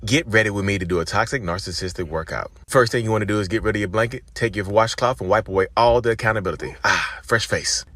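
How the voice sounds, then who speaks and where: Man voicing a smug narcissist, workout tutorial, comedic sketch, fast, mocking sing-song patter. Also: on the low side, a bit bright, no echo. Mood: smug instructor. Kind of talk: comedic short video sketch.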